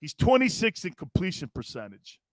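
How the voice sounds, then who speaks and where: A man hosting a sports talk show, animated and joking as he talks. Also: high voice, fairly quick, no room sound, studio quality. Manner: animated, joking, often laughing. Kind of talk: casual sports radio talk.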